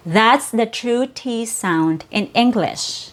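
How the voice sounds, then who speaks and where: A woman whose first language is Cebuano, teaching an English pronunciation lesson and slowly repeating sounds and words for the learner. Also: medium pitch, animated. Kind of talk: slow, clear pronunciation lesson.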